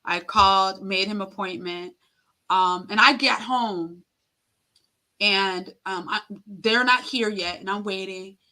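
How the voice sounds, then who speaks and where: A middle-aged woman appears as an interview guest, haltingly recounting an emotional personal story full of fillers and acted-out quotes. Her voice is mid-range with a sharp tone.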